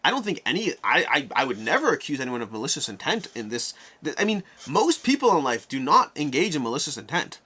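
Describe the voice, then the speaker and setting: A man hosting a live-stream Q&A, answering viewer questions in an animated way and talking his thoughts through out loud. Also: mid-range voice, fast, husky.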